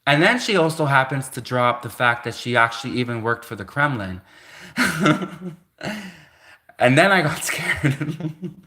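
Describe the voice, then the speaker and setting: A man's voice: medium pitch, lively intonation, a little slow, long pauses, pushed and bright. A man in his thirties hosting a livestream, telling a story in a rambling, casual way, full of "like" and self-corrections, laughing between thoughts. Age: 30s. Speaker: livestream host.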